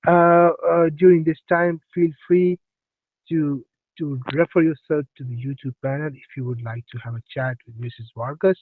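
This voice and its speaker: A man's voice: a little high, steady tone, moderate pace, no echo. A man co-hosting a casual live-stream chat who stumbles and repeats his words while politely signing off. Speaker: show co-host. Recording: tinny phone-like line, dry.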